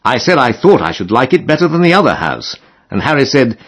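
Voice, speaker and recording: A man's voice: mid-range voice, big pitch swings, fairly quick, a bit bright. A man narrating a comic novel as an audiobook, in a wry storytelling manner.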